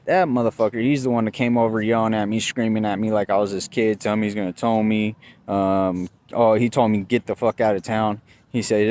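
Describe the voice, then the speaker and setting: A man recapping a run-in with police in a casual vlog, swearing freely and getting heated as he tells it. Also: a little mellow. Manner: profane, agitated storytelling, voice jumps high when quoting himself. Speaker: vlogger.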